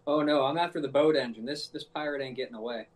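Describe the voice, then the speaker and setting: A man's voice: mid-range voice, fast talker. A man playing a tabletop game, chatting in a joking, laid-back way. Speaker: player. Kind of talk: casual tabletop game chat.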